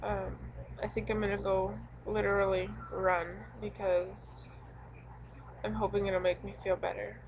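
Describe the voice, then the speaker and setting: A young woman venting to camera in a halting, rambling way, full of ums, upset and frustrated. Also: medium pitch, flat delivery, vocal fry, noisy background. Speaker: vlogger.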